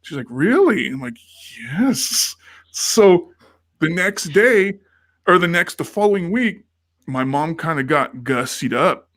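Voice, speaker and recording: A man's voice: a little high, expressive, measured pace, a bit bright, dry recording. A man co-hosting a podcast in casual chat, telling a rambling story and acting out the quoted lines of the people in it. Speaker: podcast co-host.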